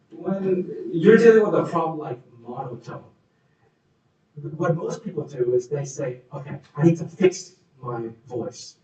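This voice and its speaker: A man coaches a workshop crowd through audience questions, slipping into little acted demonstrations of how people sound. His voice sits a bit high for a man. The sound is roomy and echoey, picked up from some distance off the mic. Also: mellow. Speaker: workshop speaker. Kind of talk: live workshop Q&A talk. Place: meeting room. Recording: echoey room, speaker off mic.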